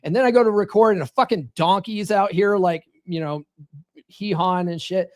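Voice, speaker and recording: Speaking from a home studio in a high voice at normal speed, a man hosts a live dating-coach podcast. He chats casually, reads viewer comments, and swears freely while rambling through animated stories.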